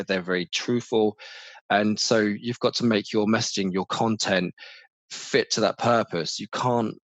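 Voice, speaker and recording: A middle-aged man, chatting casually as an interview guest, animated, often restarting his sentences. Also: lowish voice, no echo. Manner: animated, restarts often, mimics others' voices. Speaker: marketing manager, interview guest.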